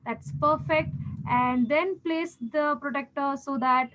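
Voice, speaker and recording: Speaking slowly, a maths teacher with an Indian English accent uses a high-sitting, fairly bright voice, captured on a rough recording. She teaches geometry step by step, patiently repeating the key steps and checking in with her students.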